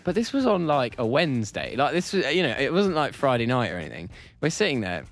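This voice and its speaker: A man hosting a radio show, telling a long anecdote with dry, quick wit. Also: mid-range voice, sing-song, vocal fry. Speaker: radio host. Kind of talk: casual studio banter. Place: radio studio.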